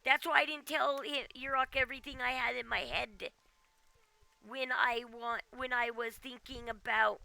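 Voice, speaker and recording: A woman's voice: fairly high pitch, fairly even intonation, moderate pace, vocal fry, bright, forceful tone, no room sound. A woman game streamer ranting casually at home, exasperated and often ending with "okay?". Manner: exasperated, keeps tagging "okay?". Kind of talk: casual livestream rant.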